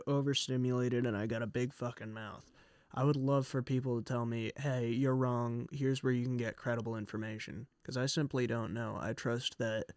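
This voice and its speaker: A man's voice: mid-range voice, no room sound. A man streaming, ranting with angry, profane exasperation as he reads news aloud. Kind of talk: casual ranting commentary while reading news aloud.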